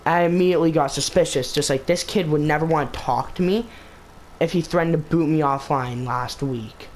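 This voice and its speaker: A man's voice: fairly high pitch, fairly quick, a little hiss or hum, poor audio. A man hosting a gaming channel, telling a story in a rambling, casual way, full of filler words and restarts. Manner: rambling, filler-heavy retelling with lots of "basically" and "like".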